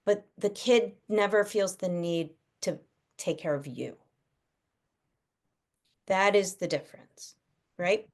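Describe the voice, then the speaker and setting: A middle-aged woman talks through parenting ideas over a video call. She speaks casually and with plenty of life, and she often drops into quick impressions of children and parents as she explains. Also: medium pitch. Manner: animated, acts out kids' and parents' voices. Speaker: guest parenting expert.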